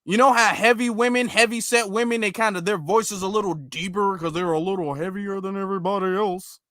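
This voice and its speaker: A man's voice: high voice, steady tone, brisk, pushed and bright, no room sound, clean studio sound. A man hosting a commentary video, reacting to clips with emphatic rhetorical questions and a rambling delivery full of fillers. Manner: rambling, with many fillers and restarts. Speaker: commentary host.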